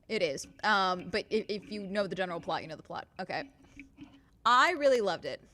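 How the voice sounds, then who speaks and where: A woman's voice: medium pitch, sharp tone. A woman chatting casually on a livestream, rambling with many fillers and restarts. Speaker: streamer.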